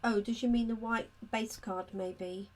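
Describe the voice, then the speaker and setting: A woman's voice: a little high, steady tone, unhurried, darkish tone. A woman, hosting a live card-making demonstration, chatting with her viewers by name as she works. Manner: chatty, talks to viewers by name and answers their comments. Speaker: craft demonstrator.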